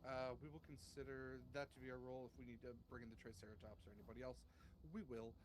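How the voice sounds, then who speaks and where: A man's voice: medium pitch, little pitch movement, fast, slight background noise. A man narrating and making rulings as game master of a tabletop game, in an easygoing way.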